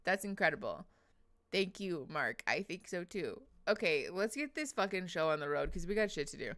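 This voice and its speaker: A woman's voice: fairly low pitch, very animated, moderate pace, a bit bright. A woman hosting a casual livestream, chatty and emotional, reading viewers' names aloud with frequent laughs. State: teary after crying. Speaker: livestream host.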